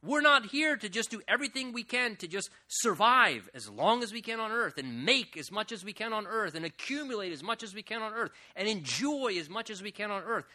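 A pastor delivers an earnest sermon in a slightly raised, very bright voice. He stretches key phrases slowly and lets his voice rise and fall widely. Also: high-pitched, very animated.

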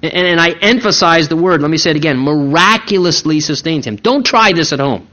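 A man's voice: fairly high pitch, animated, fast, bright, forceful tone, highs cut off. A man preaching a sermon in a conversational, emphatic way, repeating key words for stress. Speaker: pastor.

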